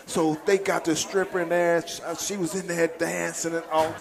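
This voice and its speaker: High-voiced man telling loud locker-room stories. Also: moderate pace, vocal fry, a crowd in the background. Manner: animated storyteller, laughs often, acts out a coach's outbursts. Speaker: former football player guest. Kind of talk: storytelling in casual chat.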